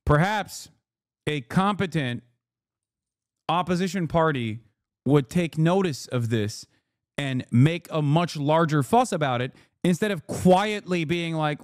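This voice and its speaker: A man livestreaming political commentary, reacting to his chat with a profane, combative, rapid-fire delivery. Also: fairly high pitch, no echo, clean studio sound. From lives in California.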